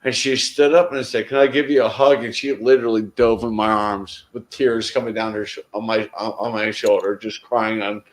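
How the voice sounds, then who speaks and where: A man's voice: fairly low pitch, steady tone, fairly quick, few pauses, roomy sound, low-quality recording. A man in casual group conversation, telling a heartfelt story in a rambling way, often restarting his sentences. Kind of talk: casual chat.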